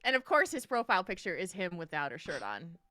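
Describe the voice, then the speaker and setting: A frank, chatty woman co-hosting a relaxed chat show, her bright voice rising and falling with lively swings in pitch. She gives her opinions bluntly and laughs easily. The sound is dry and close to the mic. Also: quick pace, no echo. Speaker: podcast co-host. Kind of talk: casual chat.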